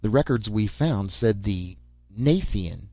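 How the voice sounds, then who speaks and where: A sharp, dry-witted agent, as a storyteller voices him, calm and measured. His voice is low and close, with a dull, lo-fi sound. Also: no room sound. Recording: dull lo-fi recording.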